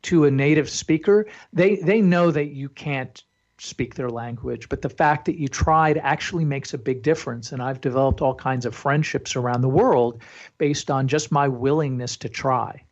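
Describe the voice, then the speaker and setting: A middle-aged man talking as an interview guest, chatty and animated as he tells stories. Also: mid-range voice, moderate pace. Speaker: guest, travel publisher. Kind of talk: casual interview talk. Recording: slightly dull lo-fi audio.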